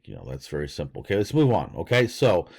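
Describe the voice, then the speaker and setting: A man's voice: deep voice, wildly swooping pitch, quick pace, gravelly, darkish tone, breathy edge. An older man teaching a casual language lesson, rambling with lots of fillers and restarts. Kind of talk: casual screen-share lesson.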